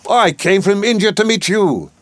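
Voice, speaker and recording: A man reading an audiobook, voicing a courteous older gentleman, a colonel, speaking politely and eagerly. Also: high-pitched, animated, moderate pace, no echo, pitched above the performer's own voice.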